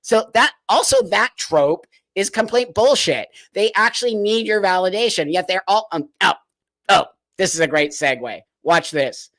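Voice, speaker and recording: A man's voice: high voice, expressive, moderate pace, a bit bright, no echo. A man hosting a live stream, commenting bluntly and mockingly and laughing often.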